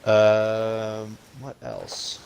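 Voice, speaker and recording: A man's voice: on the low side, very animated, drawn-out words, vocal fry, darkish tone, clear, resonant tone, low-quality recording. A man co-hosting a podcast, talking in a rambling, opinionated casual way. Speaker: podcast co-host. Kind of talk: casual chat.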